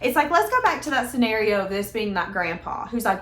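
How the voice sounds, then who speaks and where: A woman's voice: a little high, big pitch swings, brisk, a bit bright, a little hiss or hum. A woman giving a casual tarot reading in a chatty, emphatic, conversational way. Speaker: tarot reader. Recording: echoey room.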